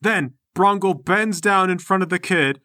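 A man narrating a comedic tabletop game as game master, deadpan and matter-of-fact. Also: sits high, a little slow, dry recording, clean studio sound.

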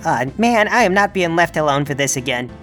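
A woman's voice: low voice, animated, brisk, soft background music. A woman playing in a tabletop game, talking playfully and coaxingly. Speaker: player. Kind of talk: tabletop role-play.

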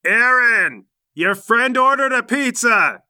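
A man voicing a flustered older mother who yells through the house. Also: sits high, lively intonation, slow, smooth, voice pushed up, full character voice. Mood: calling out.

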